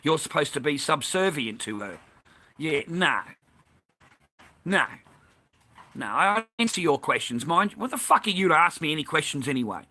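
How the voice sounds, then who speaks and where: A man's voice: fairly high pitch, very animated, normal speed, pauses often, sharp tone. A man with an Australian accent delivering an angry, profane, repetitive ranting monologue as a vlogger.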